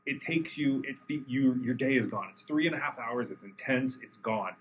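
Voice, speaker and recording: A man's voice: medium pitch, moderate pace, slight background noise, rough recording. A man co-hosting a podcast in casual chat, enthusiastic and joking. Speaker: podcast co-host. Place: studio in Los Angeles.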